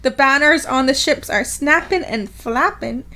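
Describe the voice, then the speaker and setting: A woman co-hosting a book podcast, casually retelling a novel's chapter in a giggly, lively way. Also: high-pitched, a little slow, slight background noise. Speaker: podcast co-host.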